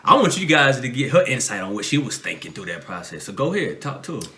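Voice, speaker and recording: A Southern American man in his thirties, co-hosting a podcast and telling a story casually with lively, acted-out quotes. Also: fast talker, noisy background. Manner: animated, acts out quotes in a much higher voice. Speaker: podcast co-host.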